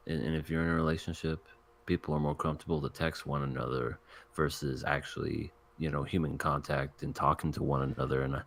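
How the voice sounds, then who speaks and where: A man's voice: very deep voice, a bit bright. A man hosting an anime review podcast, chatting casually and rambling as he thinks aloud. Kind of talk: casual chat.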